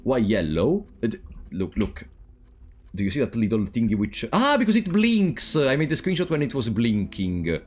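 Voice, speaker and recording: A man with a medium-pitched voice streams a puzzle game at a normal speed, giving casual let's-play commentary. He thinks aloud and banters with his chat, swinging animatedly as he goes.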